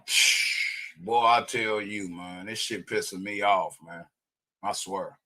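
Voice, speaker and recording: A man giving an angry, profane rant, often shouting and repeating himself. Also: fairly low pitch, steady tone, slow. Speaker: homeowner ranting on video.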